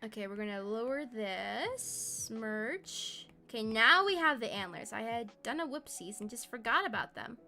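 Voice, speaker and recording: Bright, playful high-voiced woman streamer. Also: animated, normal speed, vocal fry, hardly any pauses. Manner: playful, rambling, giggly. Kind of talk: casual live stream chat.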